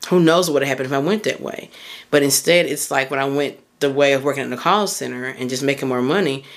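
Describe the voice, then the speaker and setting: A woman's voice: extremely low pitch, quick pace. A woman hosting a podcast as a mindset coach, talking casually and candidly through personal stories, with loose phrasing and lots of fillers. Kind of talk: casual motivational monologue.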